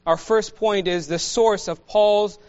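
Slow, high-voiced preaching man. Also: steady tone, a little mellow, clean tone, dull audio. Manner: slow, measured preaching with emphatic pauses. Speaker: pastor. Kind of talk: sermon.

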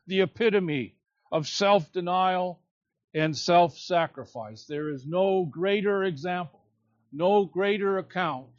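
Slow, high-voiced preaching man. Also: no echo. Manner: slow, emphatic preaching with drawn-out key words. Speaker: pastor. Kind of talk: expository sermon. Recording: slightly dull, lo-fi sound.

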